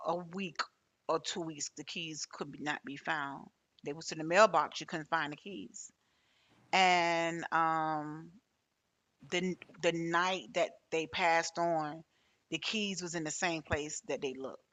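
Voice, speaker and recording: A woman's voice: deep voice, slow pace, a bit bright. A woman hosting a podcast interview, talking casually and hesitantly, with many restarts as she tells a personal story. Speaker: podcast host.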